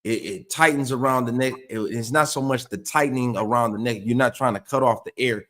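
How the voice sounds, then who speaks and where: A man's voice: medium pitch, brisk, a bit bright. A man in casual conversation, explaining dog training earnestly and often repeating words as he searches for them.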